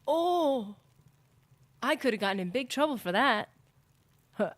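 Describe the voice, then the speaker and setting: A young woman livestreaming a game, talking casually in a rambling, animated way, filling her sentences with "like". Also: on the high side, fairly quick, dry recording. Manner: rambling, animated, heavy use of "like". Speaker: gaming streamer. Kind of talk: casual live-stream commentary.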